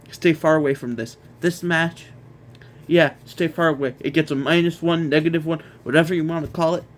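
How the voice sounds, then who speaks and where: A man's voice: fairly high pitch, a little hiss or hum. A man hosting a casual wrestling review, ranting in an exasperated way, repeating himself and stumbling over restarts.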